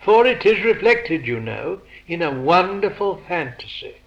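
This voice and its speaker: Slow, gravelly male lecturer. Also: high-pitched, sing-song, lo-fi sound. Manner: measured, posing rhetorical questions to the audience. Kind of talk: philosophical lecture.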